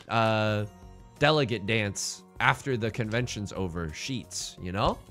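A man's voice: fairly low pitch, measured pace, sharp tone, faint music behind. A male streamer giving casual, joking commentary on his game and reading chat in a playful, self-mocking way.

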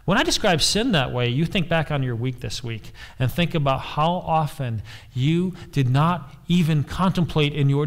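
A man preaching a sermon as pastor, emphatic, repeating key phrases and putting questions to the congregation. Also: mid-range voice.

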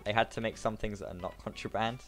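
Excitable man playing a game. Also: on the low side, quick pace, faint music behind. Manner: excitable, yelps and laughs at mishaps. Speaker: gamer co-playing a prison game. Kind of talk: casual gaming chat.

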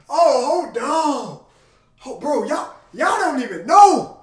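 Hyped-up man shouting his reactions. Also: very high voice, takes it slowly. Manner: excitable, shouts and exclaims over the track; hyped, emotional, talks straight to viewers. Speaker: music reaction YouTuber. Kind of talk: casual reaction commentary.

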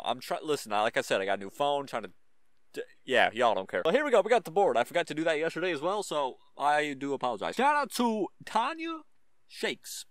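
A young man giving excited, slangy commentary while playing a shooter game, swinging from low mutters to sudden yelps. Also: dry recording. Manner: hyped, slangy, jumps from mumbling to sudden yelps. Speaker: gaming YouTuber.

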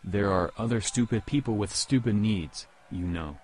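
Male actor as a brash pro basketball star, deep-ish voice, impatient and dismissive with the press. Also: normal speed, a little mellow, slight background noise, lightly acted. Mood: irritated. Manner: dismissive, peppers talk with "yo" and "man". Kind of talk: amateur comedy skit.

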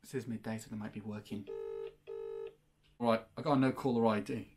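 A man hosting a prank-call video, chatting casually and excitably between calls. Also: on the low side. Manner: excitable, exclamatory, quick to laugh. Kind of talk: casual vlog chat.

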